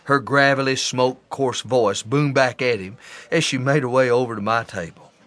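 A man telling a comic story in a folksy, drawn-out descriptive way. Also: medium pitch, fairly bright tone, no room sound.

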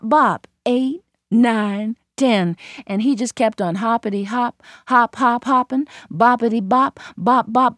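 A woman tells a folktale with a lively, rhythmic delivery, full of playful sound words. Her voice sits at a middle pitch for a woman. The sound is close and dry. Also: dry recording. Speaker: storyteller. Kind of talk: folktale storytelling.

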